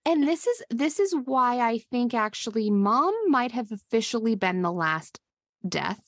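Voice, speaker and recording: A woman's voice: on the high side, animated, measured pace, fairly bright tone, no room sound, studio quality. A woman co-hosting a casual podcast, chatting with lots of fillers and restarts and acting out quotes from a film. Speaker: podcast co-host. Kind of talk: casual chat recapping a film.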